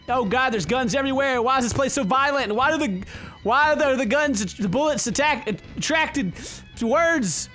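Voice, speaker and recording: Bright excitable man doing game commentary. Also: extremely high pitch, normal speed, faint music behind. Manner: excitable, joking, sarcastic, swears a lot. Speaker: gaming YouTuber. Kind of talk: let's play commentary.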